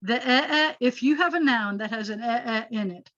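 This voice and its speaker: A woman's voice: fairly high pitch, brisk. Woman rabbi teaching over video call. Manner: patient, explanatory, animated when making a point. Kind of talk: online class teaching. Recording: dull lo-fi video call audio.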